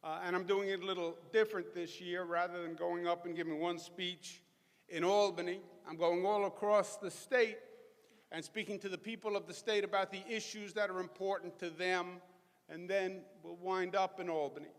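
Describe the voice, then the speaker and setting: A man's voice: high-pitched, fairly even intonation, moderate pace. A middle-aged man with a Queens New York accent giving a rousing, folksy political speech to a crowd in a large hall. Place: large college hall with live audience. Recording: echoey hall, long reverb.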